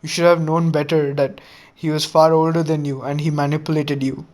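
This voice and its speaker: A man voicing a calm, confident young male village leader with an earnest, lecturing manner. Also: a little high, fairly quick, lightly acted. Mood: firm.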